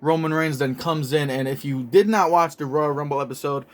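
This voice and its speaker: A young man with a slightly high voice tells a wrestling story like a play-by-play caller. He talks casually and swears often. He sounds excitable and loose, never scripted. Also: brisk. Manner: profane, excitable play-by-play narration. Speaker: show host narrating a toy wrestling storyline.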